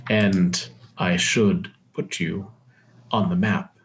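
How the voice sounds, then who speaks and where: Guy running a tabletop game, lowish voice, laid-back narration. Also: flat delivery, a little hiss or hum. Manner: measured narration, quick asides, laughs often. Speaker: game master.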